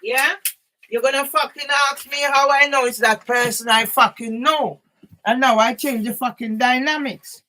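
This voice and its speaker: A woman with a high voice rants to camera in an upset, agitated monologue. She swears constantly and keeps throwing out a challenging "yeah?". Her voice sounds emotional and near tears. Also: fairly even intonation, normal speed, bright, forceful tone, low-quality recording. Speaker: vlogger. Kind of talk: angry personal monologue to camera.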